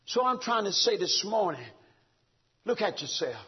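A male preacher with a high, husky voice delivers a fervent sermon in rhythmic bursts, climbing into shouts. The recording sounds dull and lo-fi, like an old church tape. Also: animated, moderate pace.

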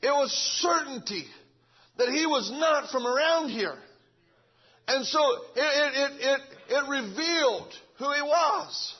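A fervent preacher, repeating himself as he swings between shouting and hushed speech. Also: extremely high pitch, unhurried, muffled recording. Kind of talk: revival sermon.

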